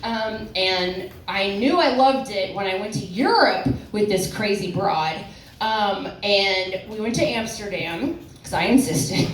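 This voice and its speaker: A young woman performs stand-up at a comedy club, wandering through self-deprecating bits peppered with "like" and "um." Her medium-pitched voice has lively intonation and a slightly slow pace. The distant, roomy recording has a bit of hiss or hum, and the crowd laughs.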